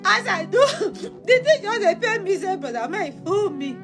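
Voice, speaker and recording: Comic skit: a woman plays a jilted woman abroad, Nigerian accent, very high and swooping, sob-laughing pleas, music underneath. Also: big pitch swings, unhurried, heavily acted. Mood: wailing. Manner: wailing plea mixing sobs and laughter. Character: jilted young woman abroad begging for her money.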